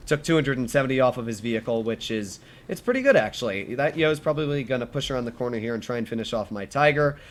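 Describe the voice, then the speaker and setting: A young gaming YouTuber gives chatty commentary over his own tank gameplay, correcting himself and humming tunes as he plays. His mid-range voice has lively intonation, moving at a quick pace with few pauses.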